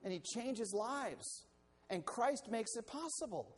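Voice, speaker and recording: A male pastor preaching a sermon in an animated, conversational way, often restarting his sentences. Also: very high voice, measured pace.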